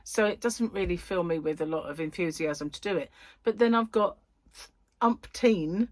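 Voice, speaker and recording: A woman's voice: mid-range voice, no echo. A woman hosting a crochet vlog, chatting in a rambling, giggly way. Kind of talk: casual chat.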